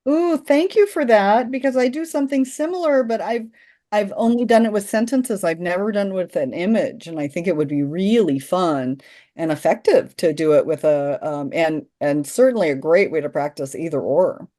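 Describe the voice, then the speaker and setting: Woman workshop trainer, mellow low voice, upbeat and chatty, casual video call. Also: moderate pace. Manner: enthusiastic, chatty. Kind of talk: casual group discussion.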